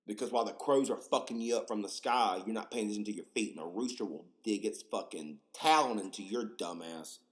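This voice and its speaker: A man in his twenties hosting a podcast, rambling casually, swearing a lot and getting excited. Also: lowish voice, a little fast, few pauses. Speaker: podcast host.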